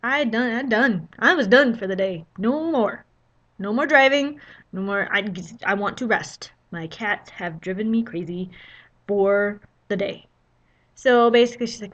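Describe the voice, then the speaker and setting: A woman's voice: medium pitch, a little slow, fairly bright tone, dull audio. A young woman telling a travel story in a casual vlog, chatty and full of "you know" fillers. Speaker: vlogger.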